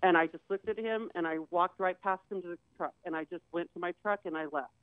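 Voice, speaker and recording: A woman's voice: fairly low pitch, brisk, clear, resonant tone, dry recording. A woman tells a dramatic personal story in vivid detail and slips into the voices of the people she quotes. Her voice comes through thin and boxy, like a phone line, with no room sound around it. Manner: vivid, acts out quoted dialogue. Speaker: guest sharing her story. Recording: tinny phone-like dry sound.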